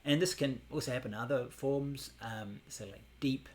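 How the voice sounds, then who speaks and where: A man teaching a Buddhist meditation class, explaining in a relaxed way with many fillers. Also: medium pitch, normal speed.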